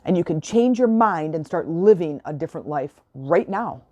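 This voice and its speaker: A woman's voice: low-pitched, lively intonation, normal speed, a little mellow, no echo, lo-fi sound. A woman hosting a solo podcast, retelling a film and urging listeners to be grateful, in an earnest, motivational, emotional way, close to the mic. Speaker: podcast host.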